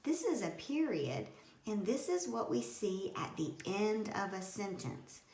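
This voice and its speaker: A woman teacher giving a slow, expressive read-aloud lesson to young children. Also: mid-range voice, a little hiss or hum. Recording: roomy with faint ambience.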